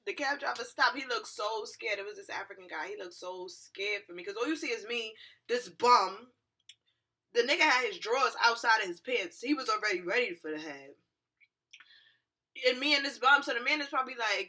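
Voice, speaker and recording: A young woman telling a story to her viewers in a lively, profane, slangy way. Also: fairly high pitch, a little fast. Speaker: vlogger. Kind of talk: storytime vlog.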